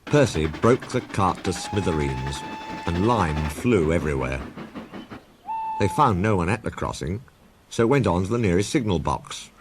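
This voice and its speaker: A man narrating a children's railway story in a storybook reading style, over steady background noise. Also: sits low, a little slow.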